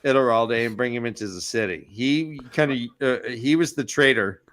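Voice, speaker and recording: A man hosting a casual book podcast, retelling chapters with animated energy and quick jumps into quoted lines. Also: mid-range voice. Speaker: podcast host. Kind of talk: casual chat recapping a book.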